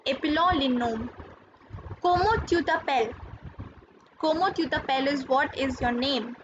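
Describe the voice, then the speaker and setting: Woman, high voice, slow deliberate teaching, patient and repetitive, dull lo-fi audio, faint hiss. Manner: patient, spells and repeats words. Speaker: French teacher. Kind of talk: slow classroom explanation.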